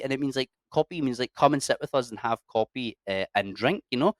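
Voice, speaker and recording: Scottish man, casual interview talk, sweary, lively storyteller, dry sound. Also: mid-range voice, fairly quick, no room sound. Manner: sweary, animated storyteller, puts on voices for locals. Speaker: guest.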